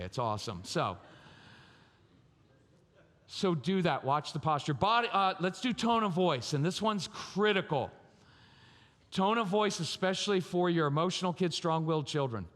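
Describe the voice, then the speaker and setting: A man giving a live parenting talk at a conference, animated, acting out parents' voices. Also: on the high side. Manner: animated, acts out yelling and sweet parent voices. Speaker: parenting speaker. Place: large church hall. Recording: reverberant hall.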